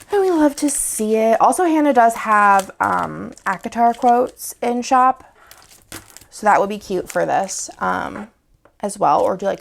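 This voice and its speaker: A woman with a sore throat and a sick voice walks through her shop's new releases, rambling and leaning on fillers. Her voice carries a gravelly, fried texture at an ordinary middle pitch. She sounds like a casual product showcase vlog. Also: a little hiss or hum. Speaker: shop owner showing new products.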